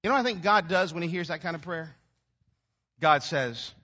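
A man pastor preaching a sermon in an animated, emphatic way. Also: a little high, normal speed, pauses often. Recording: dull recording with long hall reverb.

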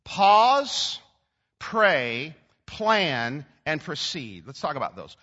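A man pastor preaching a sermon in an animated, emphatic way. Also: a little high, very slow. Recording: dull recording with long hall reverb.

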